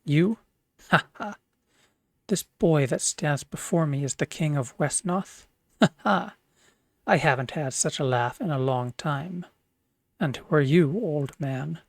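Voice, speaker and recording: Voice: mid-range voice, unhurried, no echo, studio quality, close to an everyday voice. A streamer voicing a proud, suspicious dwarf chieftain while reading game dialogue aloud, scornful in manner. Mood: mocking. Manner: scornful, mocking laughter.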